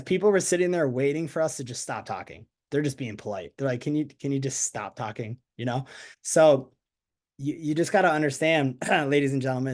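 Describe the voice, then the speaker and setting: An energetic man speaks on a video call, leading a team meeting in a chatty, upbeat way. His voice sits a little high for a man. He keeps asking his listeners to answer in the chat. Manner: energetic, chatty, asks the audience. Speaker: network marketing team leader. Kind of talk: motivational team call talk.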